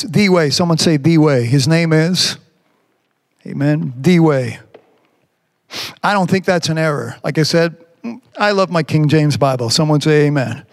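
High-voiced man preaching a sermon. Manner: preaching, reads scripture slowly, rises in pitch when emphatic. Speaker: pastor. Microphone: remote stream from a device on batteries.

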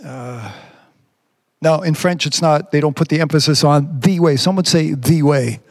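Male pastor, fairly high voice, preaching a sermon; slow scripture reading, pitch climbs for emphasis. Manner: preaching, reads scripture slowly, rises in pitch when emphatic. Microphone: remote stream from a device on batteries.

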